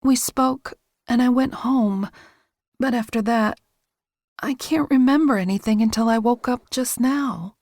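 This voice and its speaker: A woman's voice: a little high, unhurried, a little mellow, no room sound, clean studio sound. A woman voicing a frightened young woman in an audiobook, anxious and pleading. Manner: pleading, anxious, slightly raised. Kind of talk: audiobook character voice.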